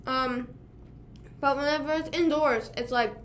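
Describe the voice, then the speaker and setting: Rambling young woman streamer, slightly high voice. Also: fairly even intonation, a little slow, slight background noise. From Pennsylvania. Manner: rambling, heavy use of "like" and "you know what I mean"; talking while chewing food. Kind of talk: casual livestream chat.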